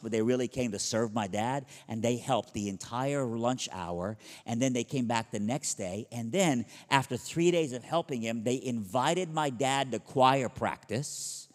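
A middle-aged man from Iran preaching, telling a story with lively, acted-out dialogue. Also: medium pitch. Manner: animated storyteller acting out dialogue with big vocal jumps. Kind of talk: storytelling sermon. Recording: long hall reverb.

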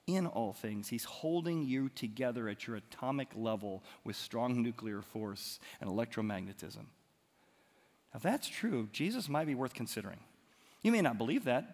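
A man preaching a sermon, animated, moving from loud emphatic lines to quiet ones. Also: medium pitch. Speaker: pastor. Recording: long hall reverb.

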